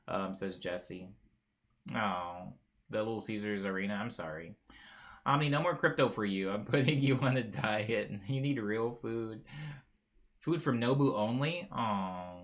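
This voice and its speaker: A young man hosting a livestream, chatting casually and reading viewer comments in a playful, rambling way. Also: lowish voice. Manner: playful, rambling, frequently laughing and mispronouncing names. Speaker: livestream host.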